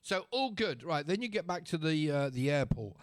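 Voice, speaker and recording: A man's voice: fairly high pitch, sing-song, moderate pace. A man telling a story to camera in a chatty, sarcastic rant, often checking in with his listener. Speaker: vlogger.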